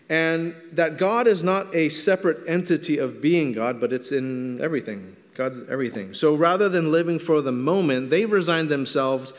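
A man preaching a sermon as pastor, teaching in a conversational way and stretching words for emphasis. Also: a little high. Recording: long hall reverb.

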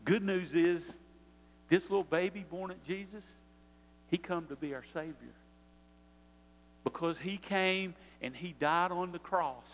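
Older preacher, high and echoing. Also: male voice, a little slow, long pauses. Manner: preaching with rising emphasis and repetition. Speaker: pastor. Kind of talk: sermon.

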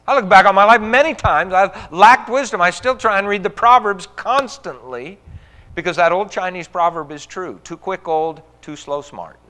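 Male pastor, earnest sermon delivery, voice a touch high, long hall reverb. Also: normal speed, bright, forceful tone. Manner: earnest preaching, rising emphasis on quoted scripture.

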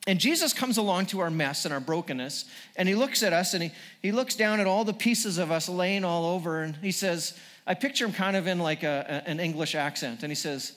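A male pastor delivers a sermon to a congregation. His high voice carries earnest emphasis, and he often repeats and restarts his phrases. The delivery builds steadily as he drives toward each point. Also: fairly quick, few pauses, fairly bright tone, long reverb tail.

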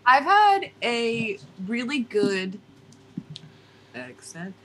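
A woman co-hosting a casual podcast chat, loose and animated, swearing casually. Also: on the high side, slow pace, a little hiss or hum, low-quality recording.

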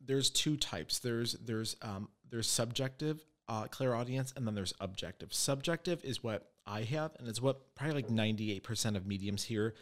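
A man's voice: medium pitch, moderate pace, hardly any pauses. A man hosting a casual chat, telling stories and acting out what people said. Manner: animated storyteller, acts out quotes. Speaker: podcast host and medium.

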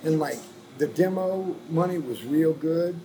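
A man's voice: a little high, unhurried, background noise. A man from New Orleans telling a long, rambling story in a casual interview. He swears freely and acts out the voices of people he quotes. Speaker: guest musician telling his story.

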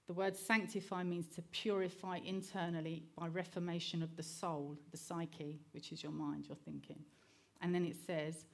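A woman's voice: deep voice, gravelly, darkish tone. A middle-aged woman giving an earnest sermon, mixing personal stories with scripture and often checking in with the listeners by asking "okay?". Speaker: preacher.

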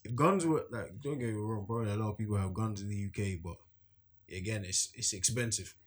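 A man's voice: on the low side, brisk. A man talking casually on a podcast, rambling through his points with lots of fillers. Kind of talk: casual chat.

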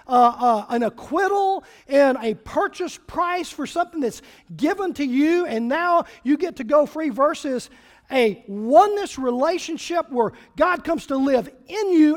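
A pastor preaching a sermon, reading scripture aloud and throwing questions at the congregation. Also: high voice. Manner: animated, asks the congregation questions; reads and paraphrases scripture aloud.

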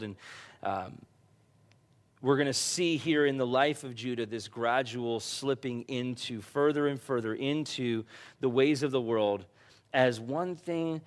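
A middle-aged man preaching a conversational sermon, growing animated as he tells personal stories. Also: mid-range voice. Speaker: pastor.

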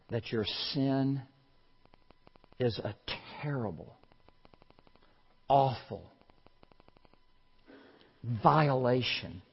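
A male pastor preaching a sermon, swinging from low, hushed passages to loud, forceful exclamations and leaning slowly on single words. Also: husky. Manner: slow, deliberate emphasis on single words. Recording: muffled sermon recording in a large reverberant hall.

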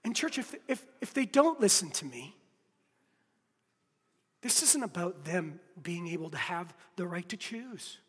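A man preaches a passionate sermon in a very high, sharp, bright voice. He drops to hushed near-whispers and then climbs back to loud, urgent appeals. Long church-hall reverb hangs on every phrase. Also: very animated, a little slow, husky. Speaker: pastor.

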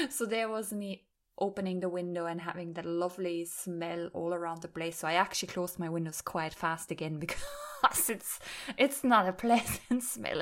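Woman, self-care podcast host, slightly low voice, giggly, casual monologue. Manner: giggly, laughs often while talking. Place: rural home near fields.

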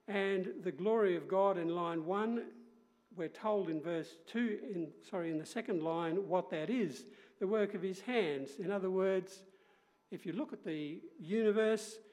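A man's voice: sits high, darkish tone, in a large hall. A man giving a teaching sermon, explaining things patiently and sometimes correcting himself mid-sentence. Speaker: preacher.

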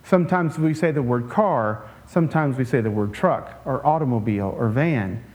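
A man preaching a conversational sermon in a relaxed way, with joking asides and frequent restarts. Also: mid-range voice, moderate pace. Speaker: pastor.

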